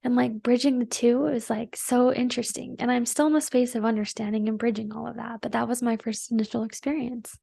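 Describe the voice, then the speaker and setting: Podcast lady telling a personal story, kinda high voice with lots of vocal fry, chatty and earnest. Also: fairly even intonation, brisk, few pauses, warm tone, dry recording, studio quality. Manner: chatty, full of "like" fillers; earnest and emotional. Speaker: podcast host.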